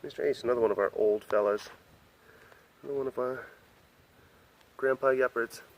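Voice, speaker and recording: A man's voice: mid-range voice, fairly even intonation, normal speed. A man hosting a casual walk-around webcast outdoors at an animal facility, rambling with lots of fillers and restarts. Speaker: vlog host.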